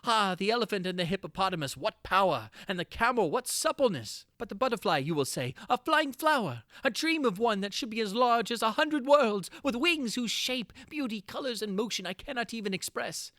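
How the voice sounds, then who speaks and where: A man giving a dramatic reading of a horror tale, theatrical, swinging from frantic cries to hushed brooding. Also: sits high, very animated, brisk, few pauses, no room sound, studio quality. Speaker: narrator.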